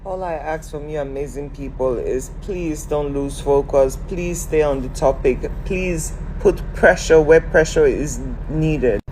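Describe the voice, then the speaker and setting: A woman's voice: low-pitched, unhurried, few pauses, darkish tone, a little hiss or hum, rough recording. A woman giving earnest, pleading commentary in a casual vlog.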